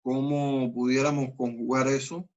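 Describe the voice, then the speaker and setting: A man with a Spanish accent teaching English, explaining grammar and slowly modeling example sentences. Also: medium pitch, little pitch movement, darkish tone, dull audio. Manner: switches between languages, slow deliberate model sentences. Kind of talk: online class, explaining grammar.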